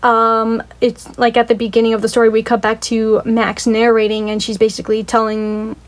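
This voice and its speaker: A woman's voice: fairly high pitch, monotone, normal speed. A young woman casually retelling a story for a video review, rambling with lots of "like" and swearing, and gushing about how sad it was. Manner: emotional, gushing.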